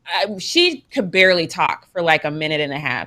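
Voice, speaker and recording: A young adult woman co-hosting a sports show in casual chat, expressive and emphatic, laughing often. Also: low voice, a little fast, hardly any pauses.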